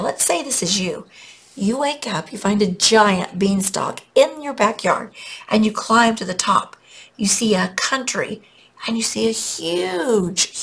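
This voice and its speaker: A woman teaching children, reading a fairy tale aloud and pausing to explain words. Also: medium pitch, slightly rough. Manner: gentle, explaining, with frequent fillers. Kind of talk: read-aloud storytelling lesson.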